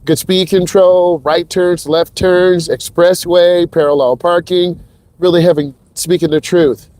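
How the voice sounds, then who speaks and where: High and fairly even in intonation, his voice comes across a little slow and a bit mellow, captured in a dry recording. He's a male driving instructor narrating a live lesson from the car, pumped up and speaking right to the viewers.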